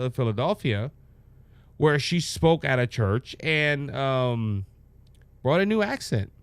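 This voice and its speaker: A man's voice: medium pitch, no echo. A man with a Cajun accent, a minister hosting a political commentary podcast, talking in a folksy way with frequent restarts. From Louisiana.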